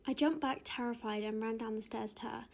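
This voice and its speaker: A woman telling a spooky childhood story in a hushed voice that drops to a whisper. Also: a little high, fairly quick, gravelly.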